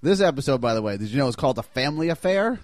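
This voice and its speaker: A man's voice: mid-range voice, lively intonation, very fast, no echo. A man hosting a podcast in casual chat, playful and mock-enthusiastic, often acting out the scenes he recaps. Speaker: podcast host.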